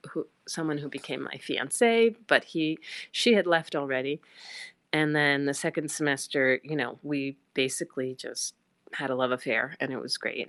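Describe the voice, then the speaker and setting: A woman's voice: sits low, fairly bright tone, no room sound. A middle-aged woman telling a rambling personal story on a phone livestream, full of fillers and acted-out quotes. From United States. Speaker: livestream host.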